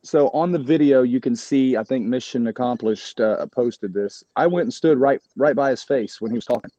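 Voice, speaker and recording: A man's voice: mid-range voice, normal speed, mellow, dry recording, muffled recording. Heated man telling a fight story. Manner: heated, profane, rambling with restarts. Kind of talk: casual storytelling.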